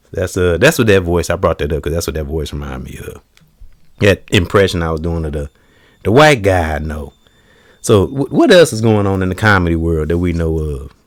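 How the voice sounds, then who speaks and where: A man's voice: low-pitched, no room sound, clean studio sound. A man hosting a comedy show, chatting casually and telling stories by acting out cartoon scenes. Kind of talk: casual chat.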